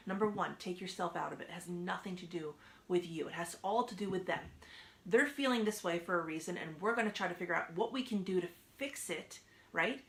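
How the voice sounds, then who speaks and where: A woman hosting a casual live advice talk, earnest and repetitive, sometimes dropping to a soft near-whisper for emphasis. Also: mid-range voice, roomy sound. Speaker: advice show host. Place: indoors by a window.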